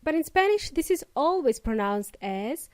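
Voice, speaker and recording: A woman hosting a podcast lesson for English learners, speaking with a slow, careful and emphatic teaching delivery. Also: high voice, very animated, darkish tone, no room sound.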